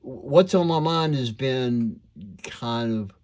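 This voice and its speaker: A man's voice: mid-range voice, takes it slowly, darkish tone. An older man with a slight twang, rambling casually at home about his hobbies, full of fillers and restarts. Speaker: toy collector vlogger.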